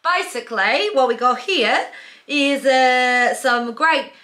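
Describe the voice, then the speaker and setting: A woman's voice: high voice, takes it slowly, bright, forceful tone, exaggerated voice. A woman putting on a jokey mock Australian accent while presenting products. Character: exaggerated Australian woman hosting a barbecue.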